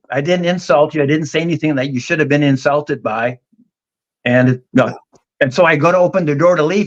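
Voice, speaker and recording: A man's voice: on the high side, fairly bright tone, lo-fi sound. A middle-aged man, telling a long story in a folksy, drawling way on a casual talk show. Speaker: guest on a vinyl community live show.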